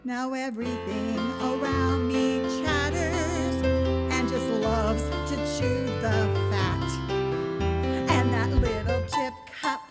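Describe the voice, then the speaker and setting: A woman with an American accent playing a frazzled, fed-up fairy-tale princess, singing musical theatre numbers in a sardonic, exasperated way over loud music. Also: high voice, slow. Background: loud musical accompaniment.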